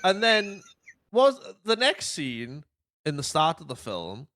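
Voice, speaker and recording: A man's voice: on the high side, huge pitch swings, takes it slowly, a bit bright, a little hiss or hum. A man hosting a podcast, telling stories casually with lots of swearing and acted-out quotes. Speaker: podcast host. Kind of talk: casual chat.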